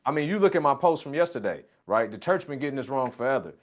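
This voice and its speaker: A man's voice: medium pitch, big pitch swings, fast. A man coaching a colleague in a casual conversation, emphatic and repeating his catchphrases. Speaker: business coach.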